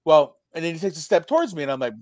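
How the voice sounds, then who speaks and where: A young man telling a profane, animated story on a podcast, acting out the people in it. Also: on the high side, racing, no room sound. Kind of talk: casual storytelling with acted quotes.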